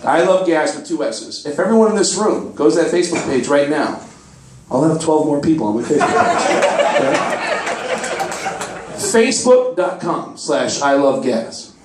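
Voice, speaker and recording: A man doing stand-up storytelling in a comedy club, excitable and profane, acting out the voices of the people in his story. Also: a little high, moderate pace, long pauses, crowd noise, background noise. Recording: echoey club, mic heard from a distance.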